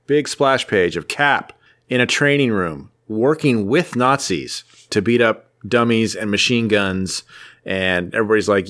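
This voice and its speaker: A man's voice: fairly low pitch, unhurried, a bit bright. A man co-hosting a podcast, casually recapping a comic book in a jokey, rambling storytelling way. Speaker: podcast co-host.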